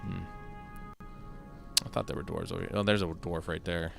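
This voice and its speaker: A man's voice: low voice, fairly even intonation, moderate pace, vocal fry, fairly bright tone, soft background music. A man giving casual, rambling gameplay commentary, thinking aloud and poking fun at himself. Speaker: gaming video host.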